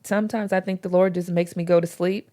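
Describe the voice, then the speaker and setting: A woman's voice: lowish voice, fairly even intonation, fairly quick, mellow. A woman talking earnestly about faith in a casual podcast chat, with informal slang. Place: podcast recording.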